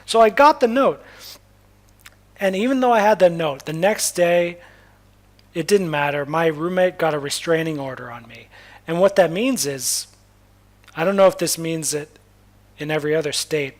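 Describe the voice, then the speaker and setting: A young man from Massachusetts speaks in a slightly higher-than-usual voice as he tells a long personal story. He talks loosely and candidly, restarts his sentences often and swears freely. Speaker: spiritual vlogger. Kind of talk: casual personal storytelling monologue.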